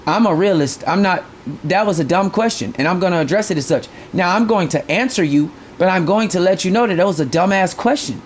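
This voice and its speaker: A man with a high voice streams a fishing game and talks straight to his chat. He is blunt and profane and circles back to the same point again and again. Faint ambient noise sits under his voice. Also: animated, brisk. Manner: blunt, profane, repeats himself while ranting. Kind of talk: live stream commentary.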